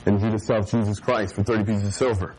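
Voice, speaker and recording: A man's voice: on the low side, fast, a little hiss or hum, rough recording. Casual joking youth pastor, man. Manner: casual, joking, animated, laughs with audience. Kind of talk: youth group sermon.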